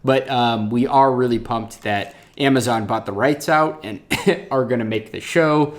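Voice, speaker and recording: A man's voice: mid-range voice, measured pace. A man hosting a casual book-discussion podcast, enthusiastic and peppered with filler ums. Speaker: podcast host.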